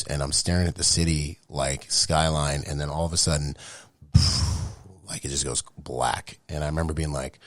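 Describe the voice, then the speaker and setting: A man in his late thirties with a very low, deep voice tells his story casually, in slang. He jumps into animated voices and sound effects as he goes. The recording is close and dry, with no room sound. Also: no echo. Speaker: podcast guest, Marine veteran.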